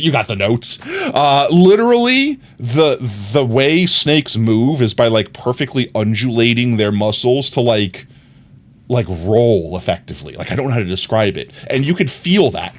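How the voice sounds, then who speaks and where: A man livestreaming a game, telling a rambling, animated story in casual chat with frequent laughs. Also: medium pitch, moderate pace.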